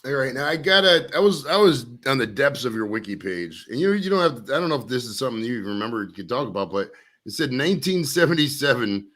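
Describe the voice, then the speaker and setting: A man's voice: medium pitch, big pitch swings, fast, a bit bright. A man hosting a podcast, asking casual questions in a hesitant, stumbling way. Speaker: podcast host.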